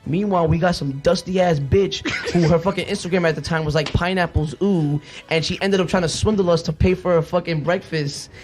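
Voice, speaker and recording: Fast-talking young man, rowdy storyteller. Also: on the high side, fairly even intonation, a little mellow, soft background music. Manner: fast, profane storytelling with mocking put-on voices. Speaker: podcast co-host. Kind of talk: casual chat.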